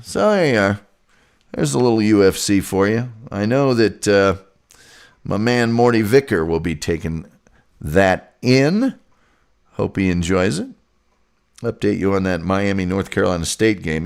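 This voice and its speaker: A man hosting a casual sports talk show, reading out his fight picks and viewer comments. His voice sits on the low side. He talks slowly, dry and rambling, as if chatting to regulars. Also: vocal fry.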